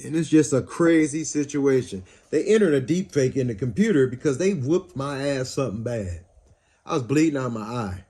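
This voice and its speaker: Standing outside in front of his house, a man heatedly tells a first-person story about a police encounter, swearing often and pointing things out as he goes. His medium-pitched voice is expressive and dark in tone, delivered at a normal speed.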